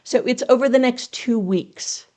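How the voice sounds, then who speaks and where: A woman guest on a podcast, explaining craft as a writing coach would. She speaks in a fairly high voice, earnest and teacherly, and asks her listeners rhetorical questions as she goes. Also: unhurried, darkish tone. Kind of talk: explanatory interview talk.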